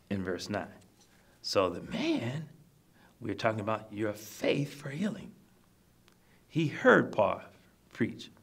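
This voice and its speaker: A minister with a lowish, husky, creaky voice preaches to residents of a nursing home. He lays out scripture in simple terms and circles back to the same points to spur them on, his manner repetitive and exhorting.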